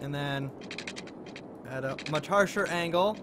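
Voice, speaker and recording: Man, live streamer, gameplay commentary, chatty, thinking aloud, gushing, slow-spoken. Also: fairly high pitch, very noisy. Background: game music.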